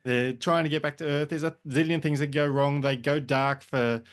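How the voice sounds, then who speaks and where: A man's voice: a little high, steady tone, normal speed. A man co-hosting a podcast, retelling film scenes in casual chat. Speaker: podcast co-host.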